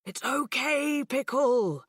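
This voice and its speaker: A woman voicing a caring middle-aged father who speaks warmly and reassuringly, in an audiobook reading. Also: lowish voice, lively intonation, a little slow, no room sound, studio quality. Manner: warm, soothing reassurance.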